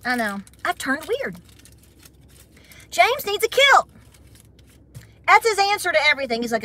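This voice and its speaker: Middle-aged woman, Appalachian accent, high bright voice, chatty and giggly livestream host. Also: sing-song. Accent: Southern American, Appalachian. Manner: chatty, giggly, drawn-out Southern phrasing. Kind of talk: casual livestream chat with viewers.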